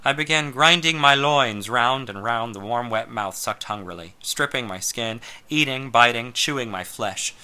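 A man reading a first-person story aloud in a slow, measured way, sometimes dropping to a hush. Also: mid-range voice, clear, resonant tone. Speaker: narrator.

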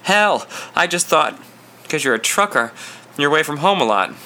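A man voicing a bold, confident young male hitchhiker in his early twenties, warm and friendly but far too sure of himself. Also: a little high, sing-song, normal speed, pitched above the performer's own voice. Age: 20s.

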